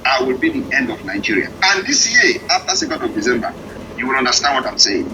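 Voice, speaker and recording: A man's voice: fairly high pitch, background noise. A man speaking as a political activist, delivering a defiant, accusing speech on a live audio space and firing off rhetorical questions. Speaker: political activist addressing opponents.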